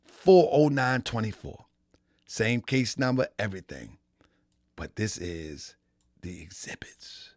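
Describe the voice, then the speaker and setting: A man's voice: on the low side, big pitch swings, slow pace, dry recording, clean studio sound. A man hosting a live stream in a casual, repetitive style, talking straight to his chat. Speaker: live-stream show host.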